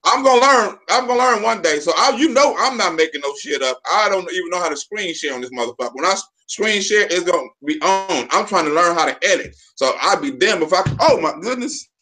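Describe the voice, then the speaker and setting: A man co-hosting a live stream, bantering with loud, profane, reactive interjections. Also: sits high, expressive, fairly quick, few pauses.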